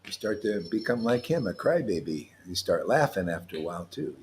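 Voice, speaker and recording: A man's voice: on the low side, big pitch swings, fairly quick, a little mellow, a little hiss or hum. A man leading an informal devotional talk, reading scripture aloud, explaining it playfully and laughing often. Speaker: spiritual teacher.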